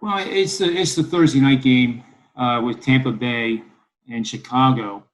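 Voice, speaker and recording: A man's voice: mid-range voice, a little slow, low-quality recording. A man from Philadelphia talks through his betting picks in a casual podcast discussion. He rambles with plenty of ums and uhs and slips in wry asides. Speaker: sports betting analyst.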